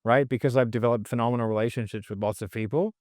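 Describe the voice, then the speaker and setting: Quick and fairly even in intonation, this man's mid-range voice has a darkish tone, captured dry at studio quality. He's a sales trainer guesting on a casual podcast, rambling and blunt, with heavy profanity, fillers, and lots of "like."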